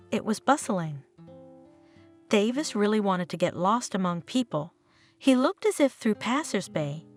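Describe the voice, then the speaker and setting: A woman reading a dramatic story as narrator, with soft guitar music playing under her. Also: mid-range voice. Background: faint guitar music.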